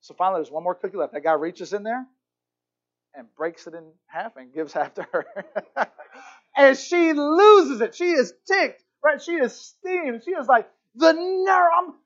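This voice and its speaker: A middle-aged man preaching a sermon, telling stories with lively acted-out voices. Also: high-pitched, highs cut off. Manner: storytelling, animated, acts out characters. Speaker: pastor.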